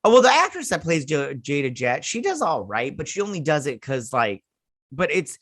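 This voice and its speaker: Man host, casual sarcastic TV review rant, lively swinging pitch, dry sound. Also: normal speed, no room sound. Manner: sarcastic ranting, swearing.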